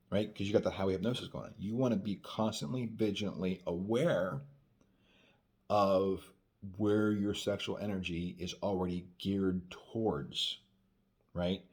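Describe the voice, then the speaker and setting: Speaking fairly quickly in a low, darkish voice with fairly even intonation, this man gives casual dating advice straight into the camera. He performs quoted lines and keeps asking "right?"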